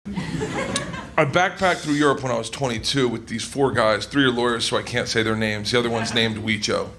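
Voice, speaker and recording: A man doing a stand-up comedy set on stage, loud and excitable, swearing freely and laughing through his lines. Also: mid-range voice, moderate pace, noisy background. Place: comedy stage before an audience.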